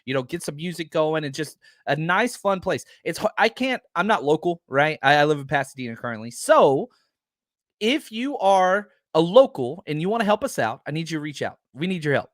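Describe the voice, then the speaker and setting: An energetic man hosts a live podcast, chatting with his viewers and rambling happily through his points with plenty of fillers. His voice sits a little high for a man. The sound is close and dry, with no room around it. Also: brisk, no echo. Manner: enthusiastic, rambling with many fillers. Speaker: podcast host. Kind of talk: live-stream podcast chat.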